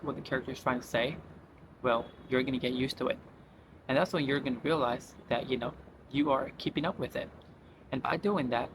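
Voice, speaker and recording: A man hosting his channel, giving accent tips in a casual tutorial, tagging his sentences with "right?" and "you know". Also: medium pitch. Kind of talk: casual tutorial talk to camera. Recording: steady traffic noise behind.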